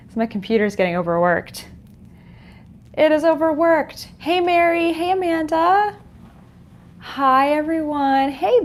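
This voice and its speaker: A woman hosting a livestream from home, greeting viewers and reading their chat comments with frequent laughs. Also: sits high. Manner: bubbly, laughs often, reads chat comments aloud. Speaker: podcast host on a livestream. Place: home, dog nearby. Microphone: desk microphone.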